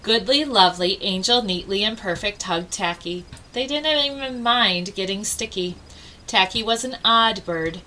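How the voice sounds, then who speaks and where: A woman reading a children's storybook aloud with expressive delivery and dramatic pauses. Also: mid-range voice, slight background noise, low-quality recording. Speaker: storybook reader.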